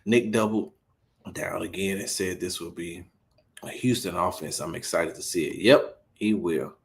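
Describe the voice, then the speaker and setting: A man hosting a casual sports talk livestream, animated and incredulous, repeating himself as he gets worked up. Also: normal speed, vocal fry, a little hiss or hum. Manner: animated, incredulous, repeats himself, rising pitch when riled up. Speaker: host of a sports talk stream.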